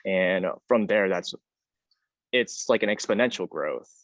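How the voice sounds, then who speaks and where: A young man in his late teens, a high school student band leader, speaking hesitantly on an online panel, losing his train of thought and getting emotional. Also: lively intonation, a little slow, fairly bright tone, no room sound. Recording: dull, dry lo-fi audio.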